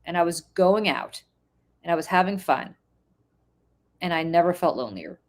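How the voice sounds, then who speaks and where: Middle-aged New woman host, lowish voice, earnest storytelling, repeats herself for emphasis. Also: expressive, moderate pace. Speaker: podcast host. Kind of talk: casual chat.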